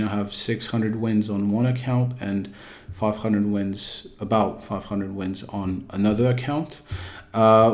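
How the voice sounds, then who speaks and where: A man's voice: fairly low pitch, darkish tone. A gaming YouTuber, a man using a put-on British accent, talks casually over gameplay footage in a rambling, hesitant way with frequent restarts.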